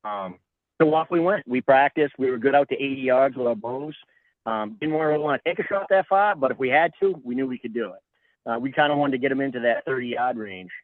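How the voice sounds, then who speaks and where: A man's voice: mid-range voice, dry recording. Middle-aged guy on a podcast, tells it like a story, does everyone's voices, tinny phone sound. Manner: animated, acts out quoted voices. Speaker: guest. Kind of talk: casual storytelling. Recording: tinny phone-like line, dry.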